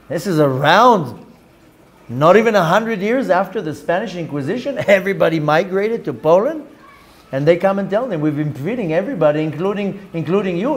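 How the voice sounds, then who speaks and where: Man, rabbi, storytelling lecture, dramatic, acts out voices, higher-pitched voice. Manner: dramatic, acts out quoted dialogue, Yiddish and Hebrew words.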